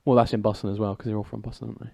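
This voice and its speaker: Fast-talking, mellow young man. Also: on the low side, little pitch movement, gravelly. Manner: quick, laid-back, short replies. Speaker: podcast co-host. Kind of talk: casual chat.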